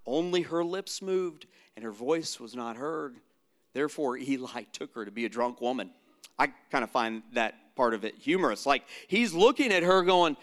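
Earnest pastor, fairly high voice. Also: male voice, animated, normal speed. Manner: earnest preaching, swings from loud emphatic lines to hushed near-whispers. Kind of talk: sermon.

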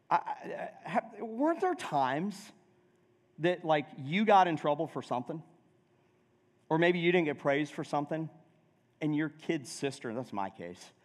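A male pastor preaching a sermon in a conversational way, asking the congregation questions. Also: a little high. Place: church sanctuary. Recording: long reverb of a church hall.

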